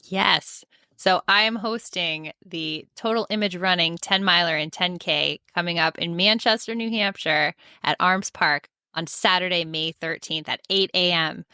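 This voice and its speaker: Upbeat woman with a bright, clear voice. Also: lowish voice, measured pace, no room sound, studio quality. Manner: upbeat, promotional. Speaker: podcast co-host and race director. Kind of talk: promo read and casual chat.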